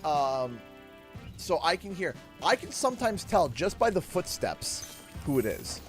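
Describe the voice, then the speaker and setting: A man's voice: a little high, very animated, unhurried. A man in his thirties from Canada chatting casually on a livestream from his home office, telling rambling anecdotes and chuckling. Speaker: gaming streamer. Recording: game music playing behind.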